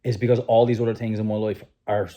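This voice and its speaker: Earnest low-voiced man coaching. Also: little pitch movement, fast, dark tone. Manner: earnest, coaching, repeats "right?" and "like". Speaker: host. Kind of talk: motivational advice chat.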